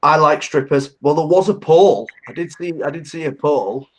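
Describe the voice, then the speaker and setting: A man's voice: on the high side, a little fast. A man co-hosting a casual podcast, laddish and sweary, often laughing. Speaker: podcast co-host. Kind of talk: casual chat.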